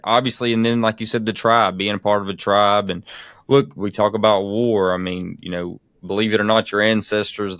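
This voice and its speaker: A man's voice: fairly low pitch, fairly bright tone, clean tone, no room sound, clean studio sound. A man hosting an interview, talking earnestly and emphatically and often checking whether his guest agrees. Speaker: podcast host. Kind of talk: casual interview talk.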